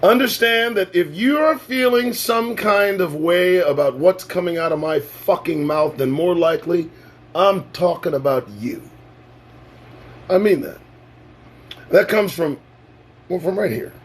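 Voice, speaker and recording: A man hosting his own show, delivering a sarcastic, profane, preachy monologue that swings from loud bursts to low asides. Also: a little slow, breathy edge. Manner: preachy, sarcastic, swears freely. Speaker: talk show host.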